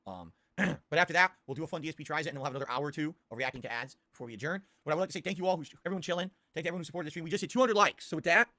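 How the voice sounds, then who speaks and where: A man hosting a live stream, reacting to old ads in crude, excitable casual commentary full of swearing. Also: a little high, very fast, few pauses, dry recording. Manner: crude, swearing, excitable, bursts into loud laughter.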